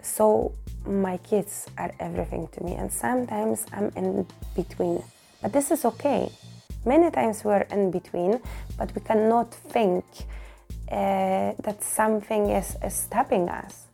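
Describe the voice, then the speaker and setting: A woman hosts her own podcast and speaks candidly and emotionally about her life. Her voice is mellow and gravelly, with frequent restarts and repeated words. Soft music plays faintly behind her. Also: medium pitch, unhurried. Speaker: podcast host and fitness coach. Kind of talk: personal podcast monologue.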